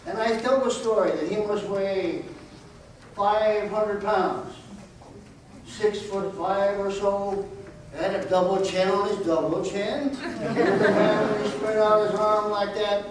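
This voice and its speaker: An elderly man in his eighties tells his life story to a college audience, earnest and fond of repeated rhetorical questions. His voice sits high for a man. He is picked up from a distance in a very echoey auditorium, with a faint noise underneath. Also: fairly even intonation, takes it slowly. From United States. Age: 80s. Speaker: guest speaker. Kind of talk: personal storytelling talk.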